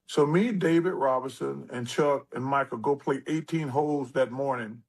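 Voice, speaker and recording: A man in his sixties, an interview guest, telling stories in a casual, animated way with lively asides. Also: mid-range voice, normal speed. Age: 60s.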